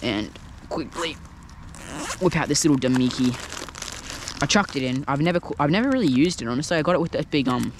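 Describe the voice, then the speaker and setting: A man casually talking through a fishing trip on the water, chatty and excitable, recorded on an action camera. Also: fairly high pitch, brisk, noisy background. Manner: chatty, excitable, thinks aloud. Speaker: fishing vlogger. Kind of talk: casual narration while fishing.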